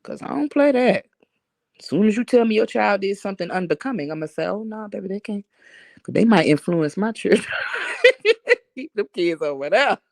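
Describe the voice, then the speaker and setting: A woman's voice: medium pitch, very animated, moderate pace, dry recording. A woman from Harlem with a New York accent tinged with Southern drawl, chatting bluntly on a livestream, joking and laughing often. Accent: New York with some Southern drawl. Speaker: livestream host reading chat comments. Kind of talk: casual livestream chat. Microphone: phone.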